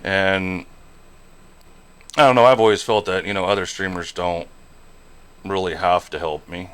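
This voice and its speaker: A man's voice: low-pitched, steady tone, unhurried, fairly bright tone, smooth. A man streaming a trucking game and chatting casually, rambling along with lots of fillers and "you know". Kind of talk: casual live-stream chat while gaming.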